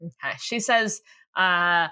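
A woman's voice: on the low side, slow pace, pushed and bright, clear, resonant tone. A woman co-hosting a casual chat, recapping a TV episode with lots of fillers and laughter. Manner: giggly, rambling with lots of fillers. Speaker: podcast co-host recapping a TV show.

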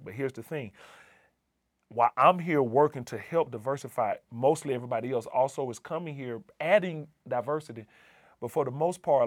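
A man's voice: medium pitch, dry recording, studio quality. Earnest man telling a personal story. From Southern United States. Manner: earnest, emphatic, repeats key phrases. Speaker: assistant dean of community and inclusion.

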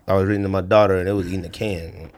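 A man's voice: low voice, level tone, racing. A man co-hosting a podcast in casual chat, emphatic and teasing as he argues about sneakers. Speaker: podcast co-host.

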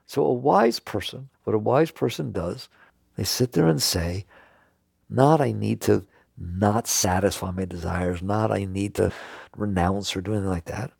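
A man giving an earnest spiritual talk to an audience, now and then laughing and jumping up in pitch for emphasis. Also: a little slow, creaky, a little mellow, breathy edge, no room sound, studio quality. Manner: earnest, laughs and jumps high when emphatic. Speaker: spiritual teacher.

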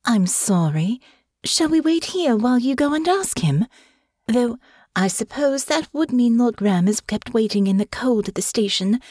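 Brief: a woman as a poised, persuasive noblewoman, dry and smooth, close dry sound. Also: a little high, lively intonation, normal speed, mellow, no echo, voice pushed up.

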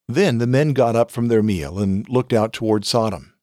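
A man hosting a podcast, reading scripture aloud in a measured, expressive way. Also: lowish voice, no room sound, clean studio sound.

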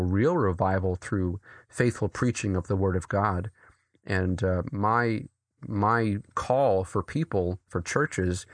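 A man from New England, an author and pastor, talking earnestly as an interview guest, with quick restarts and frequent laughs. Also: on the low side, dry recording, studio quality.

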